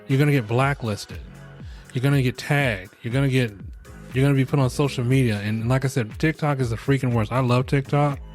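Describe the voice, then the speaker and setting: A man's voice: medium pitch, fairly quick, a little mellow, soft background music. A middle-aged man hosting a podcast, giving frank, rambling, jokey advice in a casual monologue.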